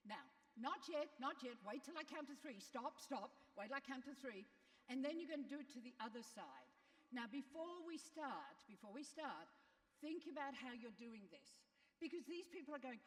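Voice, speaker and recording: Animated woman keynote speaker in a hall. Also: on the high side, brisk. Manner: animated, coaxing and playful with the crowd. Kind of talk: motivational keynote to an audience. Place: large conference hall. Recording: live hall with long reverb.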